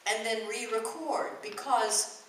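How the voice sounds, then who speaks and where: A woman's voice: on the high side, slow, slight background noise. Older woman voice actor at a fan Q&A, chatty storyteller, recorded from far off in a roomy hall. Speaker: convention guest voice actor. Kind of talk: convention Q&A talk. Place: large convention hall. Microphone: distant from the recording mic.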